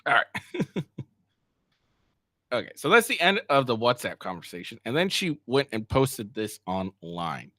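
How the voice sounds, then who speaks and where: A man commenting live on an online drama, reading screenshots verbatim and cutting in with crude, mocking remarks. His voice jumps up and down in pitch as he reacts. The sound is dry and close, with no room echo. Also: sing-song, measured pace, long pauses, bright, forceful tone. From Asian heritage. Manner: profane, mocking, reads texts aloud verbatim. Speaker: streamer reacting to a podcast drama.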